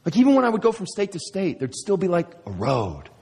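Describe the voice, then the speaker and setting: A man's voice: high-pitched, wildly swooping pitch, fairly quick, creaky, darkish tone, breathy edge. A man preaching a sermon as a pastor, emphatic, firing off sarcastic rhetorical questions. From United States. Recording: long reverb of a large hall.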